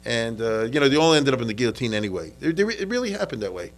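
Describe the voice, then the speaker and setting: A man's voice: mid-range voice, very animated, rapid-fire, rough recording. A man lecturing on history in a loose, conversational way. He repeats words as he gathers his thoughts and keeps asking whether his listeners follow. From United States. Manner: conversational, checks in with "okay?" and "you understand?"; frequent restarts and repetitions.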